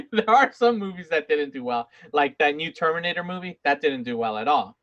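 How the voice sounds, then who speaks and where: A man with a notably high voice talks through his favorite movie scenes. He is relaxed and laughs easily. The recording is a bit dull and muffled. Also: moderate pace. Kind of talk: casual chat about movies.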